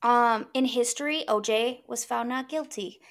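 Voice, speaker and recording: A woman's voice: a little high, moderate pace, fairly bright tone. Blunt, opinionated woman podcast co-host. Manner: blunt, opinionated, laughs often. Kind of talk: casual chat.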